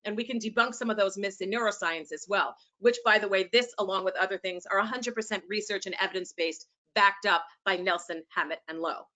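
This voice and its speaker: A woman with a New York accent, presenting passionately to teachers and sometimes talking fast. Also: mid-range voice, pushed and bright. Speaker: educator and presenter.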